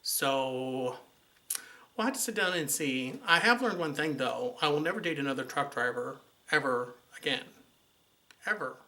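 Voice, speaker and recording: Bright-voiced man telling a story. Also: mid-range voice, animated, normal speed. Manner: chatty, exasperated, sarcastic storytelling. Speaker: vlogger. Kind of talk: casual storytelling to camera.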